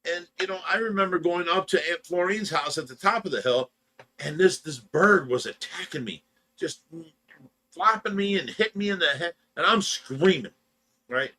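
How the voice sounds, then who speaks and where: A man's voice: high-pitched, moderate pace, pushed and bright. A man hosting a livestream, chatting casually and telling long rambling stories, laughing along as he goes and sounding tired from little sleep. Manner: rambling, laughs through his own stories. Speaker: livestream host. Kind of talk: casual storytelling chat.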